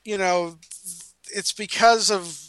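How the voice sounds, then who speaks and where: A man rants sarcastically through casual podcast chat, his voice forceful and bright. His pitch sits a little high for a man. The sound is dry and close, with no room around it. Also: takes it slowly, clean tone, no echo, poor audio. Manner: animated, sarcastic ranting. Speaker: podcast co-host.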